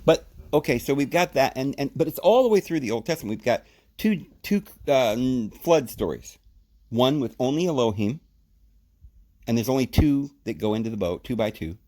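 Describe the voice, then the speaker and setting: A man giving podcast Bible teaching, explaining in an animated, emphatic way in short spoken phrases with sudden jumps in pitch. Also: normal speed.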